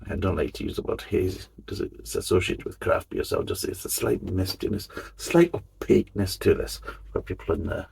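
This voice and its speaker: A man's voice: sits low, lively intonation, a little fast, gravelly, a little mellow, slight background noise. A man hosting a casual beer review, grumbling and swearing between jokey asides as he reads the label.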